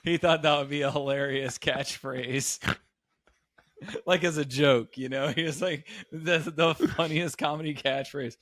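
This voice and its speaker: A man's voice: a little high, steady tone, unhurried, a bit bright, dry recording, clean studio sound. A man co-hosting a comedy podcast in casual chat, teasing his co-host with jokey asides and frequent laughs.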